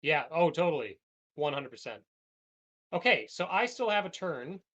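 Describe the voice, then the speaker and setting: A man's voice: fairly high pitch, big pitch swings, moderate pace, a bit bright. A man co-hosting a podcast, playing a cooperative card game and reading its story text aloud, often laughing. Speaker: podcast co-host and player. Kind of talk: casual board game play with card reading.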